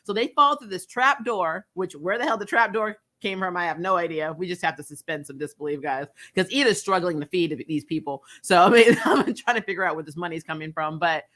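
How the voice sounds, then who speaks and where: A woman's voice: fairly low pitch, brisk, few pauses, a bit bright. A young adult woman hosting a casual review chat, chatty and full of fillers, laughing often as she retells. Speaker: host.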